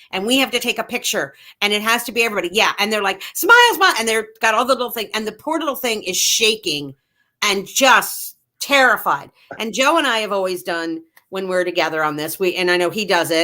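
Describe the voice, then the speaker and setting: Woman guest, Mrs. Claus type, animated storyteller, bright tone. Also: medium pitch. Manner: animated, slows to stress points. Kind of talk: casual storytelling chat.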